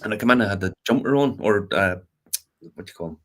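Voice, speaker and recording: Laughing man with a low voice. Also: lively intonation, quick pace, a bit bright. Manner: laughing storyteller, swears freely. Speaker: podcast co-host. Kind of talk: casual chat.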